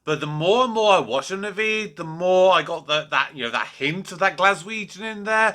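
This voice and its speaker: A man's voice: high-pitched, expressive, normal speed, pushed and bright. A man hosting a reaction channel, chatting casually about a sitcom and often repeating words as he thinks.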